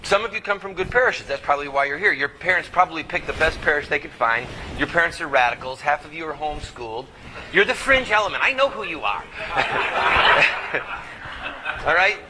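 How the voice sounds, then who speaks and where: A man delivers a fervent speech to a live audience, pressing them with one rhetorical question after another. His voice sits fairly high and carries a preaching drive. The recording is noisy, with a steady hiss and hum behind him. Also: moderate pace. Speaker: activist speaker.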